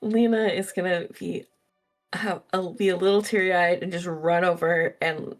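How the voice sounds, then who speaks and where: A woman describes her character in a tabletop game, slow and thoughtful with small hesitations. Her voice sits very low for a woman. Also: faint music behind. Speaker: player. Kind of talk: role-play narration.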